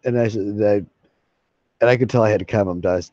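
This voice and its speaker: A man chats to his viewers in a rambling, folksy way, swearing as he goes. His voice sits low and warm. The sound is dry and a little dull, from a lo-fi mic. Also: fast, long pauses, dry recording. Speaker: live streamer. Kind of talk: casual chat to viewers.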